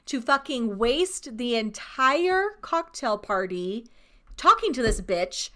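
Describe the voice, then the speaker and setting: A woman's voice: fairly high pitch, big pitch swings, takes it slowly, a bit bright. A young woman co-hosting a casual chat, ranting heatedly with plenty of swearing and laughter. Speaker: podcast co-host.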